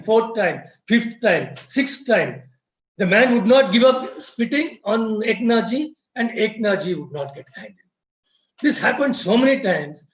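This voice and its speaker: A man giving a storytelling lecture on a video call, telling parables and repeating key phrases for emphasis. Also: high voice. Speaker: guest speaker at a lodge webinar. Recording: roomy, muffled webinar audio.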